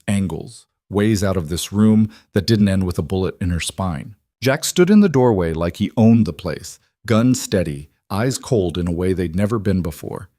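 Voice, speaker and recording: A man narrating a western story in a steady, measured, scripted way. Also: low voice, no echo, clean studio sound.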